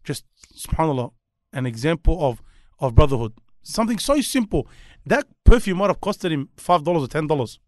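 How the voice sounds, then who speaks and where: A young Australian man with a slightly high voice speaks earnestly and reflectively. His sentences often trail off and restart, and the studio sound is close and dry. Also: very animated, a little fast, few pauses, a little mellow, no room sound. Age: young adult. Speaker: guest speaker. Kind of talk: casual chat.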